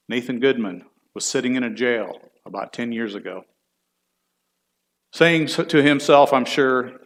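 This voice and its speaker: A man's voice: medium pitch, measured pace. A middle-aged man, a church elder, teaching a Bible class in a folksy, chatty way and putting questions to the class.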